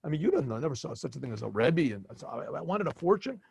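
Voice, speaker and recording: A man voicing a wise, kindly old holy man who speaks calmly and reassuringly. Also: fairly high pitch, fast talker, gravelly, husky, no room sound, exaggerated voice. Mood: calm certainty.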